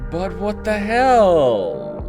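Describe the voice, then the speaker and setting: A man's voice: sits high, huge pitch swings, very slow, voice pushed up, full character voice. A man voicing a laid-back, stoned surfer-bro male alien troll in a video game, with a drawling bro manner over game music.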